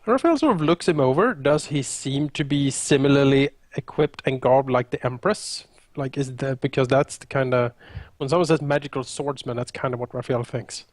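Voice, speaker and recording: A man playing a tabletop game, describing his character's actions in a relaxed, chatty way. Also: mid-range voice, normal speed, no room sound. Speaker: player. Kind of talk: casual tabletop play.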